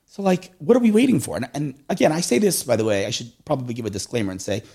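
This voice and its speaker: A middle-aged man talks fast in a relaxed conversational way. His voice is a little husky, and his pitch swings widely as he acts out the people in his stories. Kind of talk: casual conversational storytelling.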